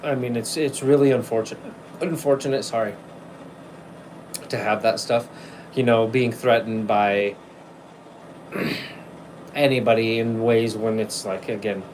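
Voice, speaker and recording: A man chatting on a livestream in a rambling, unscripted way, swearing freely and laughing often. His voice sits at an ordinary middle pitch, and a faint hum of air conditioning runs under it. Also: fairly even intonation, unhurried, long pauses, a little mellow, poor audio. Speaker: livestream host. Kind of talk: casual livestream chat.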